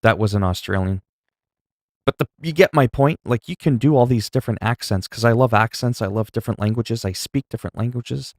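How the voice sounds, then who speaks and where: A man's voice: medium pitch, a little fast, dry recording, studio quality. A man livestreaming and chatting casually while gaming, opinionated and rambling, swearing freely.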